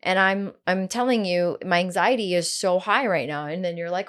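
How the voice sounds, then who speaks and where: A woman co-hosting a relationship podcast, candid and animated, who tells stories and swears casually. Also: on the low side, normal speed, few pauses, clear, resonant tone. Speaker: podcast co-host. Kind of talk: casual chat.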